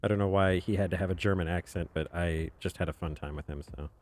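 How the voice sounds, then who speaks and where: Here a low-voiced man talks fast with fairly even intonation, casually chatting as he draws on his webcomic stream. Rambling along, he chuckles and mutters softly while working, faint music in the background.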